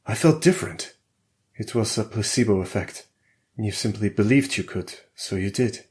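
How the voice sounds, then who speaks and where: A man's voice: on the low side, moderate pace, natural voice. A man voicing a tired middle-aged scientist in a thriller audiobook, confessional and resigned. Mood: weary.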